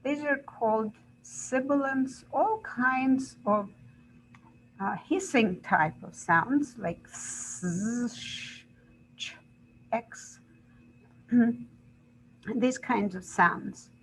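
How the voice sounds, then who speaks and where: A woman's voice: fairly high pitch, a little hiss or hum, poor audio. A woman teaching an English grammar lesson, explaining rules step by step and checking in with "right?". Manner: slow, deliberate, repeats examples and checks with "right?".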